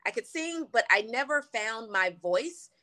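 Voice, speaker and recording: A woman from Louisiana, a country singer guest, telling her story in a bubbly, animated way. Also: a little high, unhurried. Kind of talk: casual interview chat.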